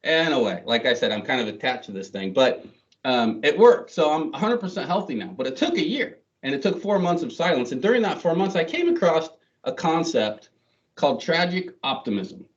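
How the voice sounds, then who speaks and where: A man's voice: a little high, big pitch swings, fairly quick. A middle-aged man giving a chatty, self-deprecating talk to an audience, with many fillers and restarts. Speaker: guest speaker. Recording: distant, dull lo-fi sound.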